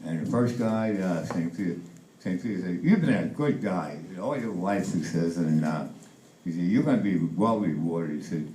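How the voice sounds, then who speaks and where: An 80s man tells stand-up jokes in a halting way, full of fillers and restarts. His pitch swings widely as he acts out the lines, and his mellow voice echoes in a roomy club. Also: expressive, a little hiss or hum. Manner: acts out the punchlines in a raised voice. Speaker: stand-up comedian. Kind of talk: stand-up joke telling. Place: comedy club stage.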